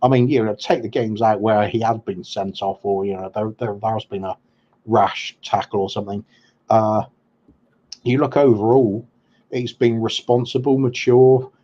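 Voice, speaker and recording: A man's voice: on the low side, level tone, moderate pace, mellow. Hesitant man chatting football, dull sound. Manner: hesitant, lots of ums and restarts. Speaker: podcast co-host. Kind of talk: casual football chat.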